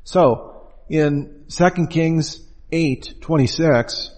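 A man's voice: a little high, drawn-out words, a little mellow, long reverb tail. A man giving an informal lecture as a Bible teacher, talking conversationally and putting rhetorical questions to his listeners.

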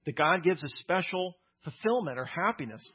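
A male pastor preaches in a relaxed, conversational way, mixing plain talk with casual asides. His voice sits a bit high and sounds husky. The recording is dull and lo-fi. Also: normal speed. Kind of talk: sermon.

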